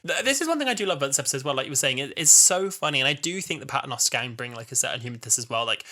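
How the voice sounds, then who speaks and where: Young man, podcast co-host, very bright sharp voice, enthusiastic gushing chat. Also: mid-range voice, expressive, very fast. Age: 20s. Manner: enthusiastic, gushing fan talk.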